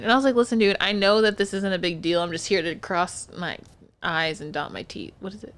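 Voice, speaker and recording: A woman's voice: on the low side, a little fast, vocal fry. A young woman co-hosting a podcast, telling work stories in casual chat, swearing freely and acting out the dialogue. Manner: animated storytelling, profane, acts out dialogue. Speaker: podcast co-host.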